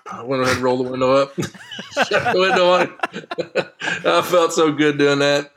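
A man, a long drive golfer, telling a casual anecdote as an interview guest, lively and often chuckling. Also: on the high side, measured pace, a little hiss or hum.

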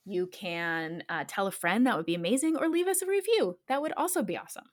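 A woman's voice: medium pitch, animated, brisk. A young woman co-hosting a podcast, chatting casually and rambling with frequent giggles. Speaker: podcast co-host. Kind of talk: casual chat.

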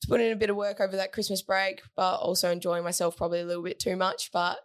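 A woman's voice: medium pitch, little pitch movement, fast talker. A woman, a team captain, chatting casually in an interview in an upbeat way, with plenty of "like" and "yeah" fillers.

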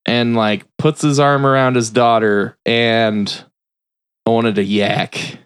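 A man's voice: medium pitch, smooth, no room sound. Guy podcast host telling the movie plot, doing little voices, dry mic. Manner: animated retelling, quick voices for characters. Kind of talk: casual film recap.

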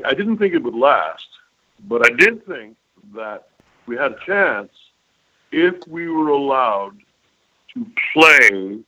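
A mid-range, pushed, bright male voice belongs to an older voice actor reminiscing in an interview. He tells meandering, emphatic stories and keeps checking in with his listener, recorded over a lo-fi phone call.

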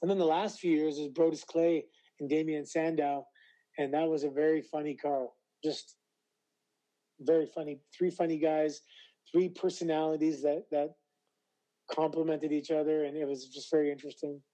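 A man being interviewed about his wrestling career, voice slightly hoarse, telling stories animatedly with stammered restarts. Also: a little high, little pitch movement, moderate pace, mellow, rough recording. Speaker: interview guest, former wrestler. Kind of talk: casual interview chat.

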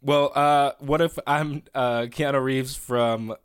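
A man's voice: mid-range voice, fairly even intonation, slow, clear, resonant tone. A man co-hosting a podcast in laid-back casual chat, joking and trailing off into mumbled asides. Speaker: podcast co-host.

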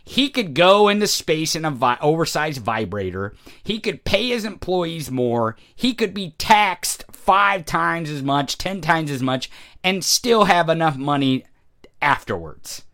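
A man hosting a ranting political commentary show, profane and sarcastic, jumping from loud outbursts to low muttering. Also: expressive, unhurried.

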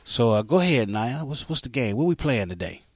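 A man's voice: medium pitch, expressive, brisk, soft background music. A man hosting a casual talk radio show, playful and loose, often repeating himself as he talks.

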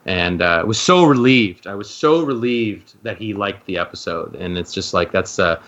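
A man's voice: low-pitched, expressive, normal speed, a bit bright, dull audio. A man talking as a podcast guest in a rambling, casual way, full of fillers and restarts. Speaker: guest, docuseries co-creator.

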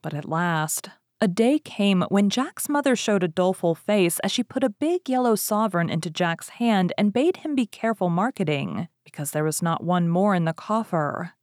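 A woman's voice: lowish voice, normal speed, no room sound, clean studio sound. Woman reading a fairy tale aloud. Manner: expressive reading with lively rises. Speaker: story reader. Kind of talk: storybook narration.

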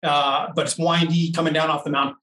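A man telling a long personal story in a casual interview, animated and laughing often. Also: on the high side, a little fast, echoey room, recorded from a distance, poor audio. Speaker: interview guest, off-road racer.

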